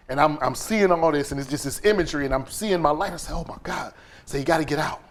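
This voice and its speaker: Animated man telling a personal story. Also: on the high side, quick pace, hardly any pauses. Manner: animated, retells scenes with quoted voices and sound effects. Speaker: guest.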